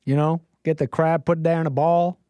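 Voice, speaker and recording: Guy doing a goofy southern drawl bit, hammy, kinda high, dry sound. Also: big pitch swings, fast, dry recording. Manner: hammy, self-mocking put-on drawl. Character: exaggerated Southern drawl caricature of a man.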